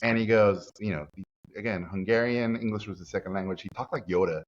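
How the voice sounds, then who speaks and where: Lively storytelling man, muffled audio. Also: lowish voice, fast. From Mexico. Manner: lively storyteller acting out quotes. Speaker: guest animator and director. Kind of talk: animated storytelling in conversation.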